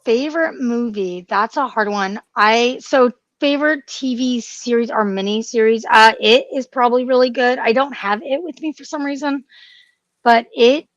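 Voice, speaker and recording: A woman's voice: on the high side, normal speed, no echo, lo-fi sound. A woman co-hosting a casual podcast chat, gushing and emotional, with frequent restarts and fillers. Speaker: podcast co-host.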